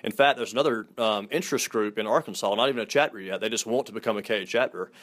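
This is a young man with a Southern drawl, raised in Mississippi. He speaks at a rapid clip in a fairly low voice, friendly and matter-of-fact as he gives an interview. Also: fairly bright tone. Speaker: fraternity headquarters staffer. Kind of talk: interview answers.

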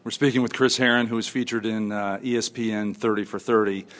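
A man's voice: on the low side, steady tone, fairly quick, fairly bright tone. A man hosting a talk show interview, upbeat and enthusiastic. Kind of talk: hosted interview.

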